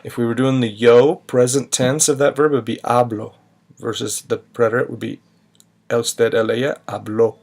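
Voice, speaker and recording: A man's voice: medium pitch, little pitch movement, moderate pace, creaky, darkish tone. A man teaching a recorded grammar lesson, patiently spelling out verb endings step by step. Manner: patient, spells out endings, sings a short chant. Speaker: Spanish teacher.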